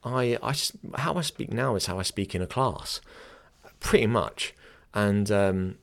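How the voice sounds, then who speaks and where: Unhurried and animated, a young yoga teacher hosting a podcast speaks in a fairly low voice touched with vocal fry. He chats casually, keeps restarting sentences to fix them, and laughs often.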